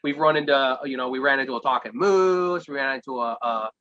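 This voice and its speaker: A man's voice: mid-range voice, brisk, sharp tone, no echo. A man talking casually on a podcast as a guest game master, hesitant and full of fillers and restarts. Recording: dull, dry lo-fi sound.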